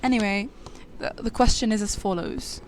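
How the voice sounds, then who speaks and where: A young woman hosts a podcast with playful, teasing banter. Her pitch is ordinary, and there is a faint hiss of noise behind her. The tone stays casual throughout. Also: moderate pace. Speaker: podcast host.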